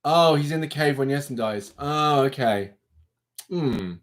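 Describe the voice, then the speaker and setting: A young man hosting a livestream, chatting casually with viewers in an animated, rambling way. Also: on the high side, unhurried. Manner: chatty, animated, self-interrupting. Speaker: livestream host. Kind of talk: casual live chat with viewers.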